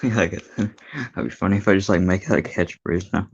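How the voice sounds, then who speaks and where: A man's voice: sits low, fairly even intonation, fast, husky, lo-fi sound. A young man streaming, chatting casually in a rambling, giggly way with some swearing.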